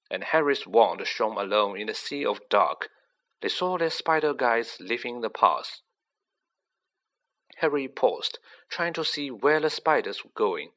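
A man's voice: medium pitch, bright, forceful tone. A man reading a children's story aloud, narrating with acted character voices. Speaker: audiobook reader.

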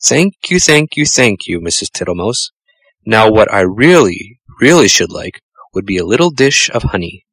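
A man voicing a slow, greedy old male toad who is jovial and pushy, with drawn-out, sing-song repetitions. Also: fairly low pitch, big pitch swings, a bit bright, slightly rough, no room sound, heavily acted. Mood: cheerful.

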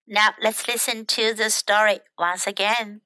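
A woman teaching English to children, repeating each phrase slowly and explaining it. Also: mid-range voice, fairly even intonation, pushed and bright, smooth, no echo. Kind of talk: bilingual children's English lesson.

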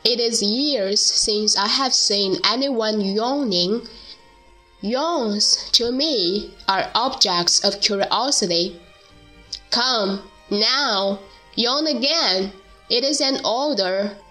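Proud old king on a throne, bossy and grand, woman reader doing the lines; unhurried delivery. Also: medium pitch, pushed and bright, faint music behind, low-quality recording. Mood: commanding. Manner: pompous, commanding.

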